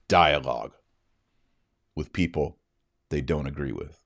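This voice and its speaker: A man's voice: low-pitched, darkish tone, dry recording, studio quality. A man retelling an argument in an emphatic, indignant monologue. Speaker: Catholic commentator. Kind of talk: storytelling monologue.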